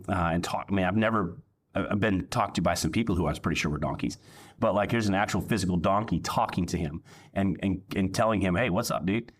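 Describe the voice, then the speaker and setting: A male pastor preaching a sermon in a casual, joking, conversational way. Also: sits low.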